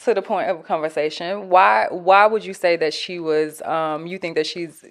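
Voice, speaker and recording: Woman, co-host, casual talk, earnest, lowish voice, steers the conversation. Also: steady tone, moderate pace.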